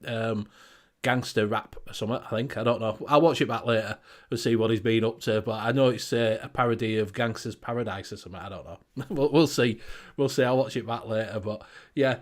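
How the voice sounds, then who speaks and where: A man hosting a casual livestream chat show, energetic, laughing and swearing freely. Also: medium pitch, fairly quick. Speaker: show host.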